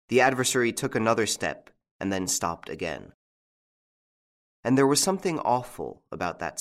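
A man narrating a mystery novel in measured, dramatic scripted narration. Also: sits low. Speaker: audiobook narrator.

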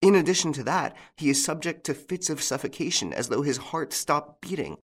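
Anxious and breathless, this frightened young French lady pleads in a raised, lilting voice, as a male audiobook narrator puts her on. Her words are quick and fearful, and her pitch leaps up high whenever she is alarmed. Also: big pitch swings, fairly bright tone. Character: frightened young French woman of a country estate.

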